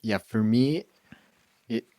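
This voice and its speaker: A man's voice: medium pitch, slow, dry recording. A male podcast host speaking reflectively and hesitantly in a casual interview. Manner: soft-spoken, reflective, hesitant.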